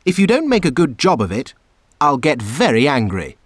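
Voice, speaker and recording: A man's voice: mid-range voice, huge pitch swings, normal speed, dry recording, clean studio sound. A man voicing a bossy, cruel female queen who snaps orders, in a storybook reading. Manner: snappish, commanding.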